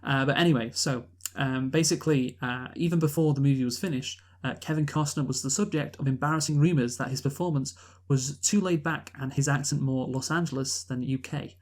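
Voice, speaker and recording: Animated man reviewing a film. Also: mid-range voice, brisk, few pauses. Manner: animated, exasperated, frequent restarts. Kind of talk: casual conversational movie review.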